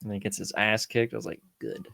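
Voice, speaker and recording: Animated man co-hosting a film podcast. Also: on the low side, quick pace, gravelly, no echo, studio quality. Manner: animated, acts out scenes and quips with laughter. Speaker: podcast co-host. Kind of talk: casual film-review chat.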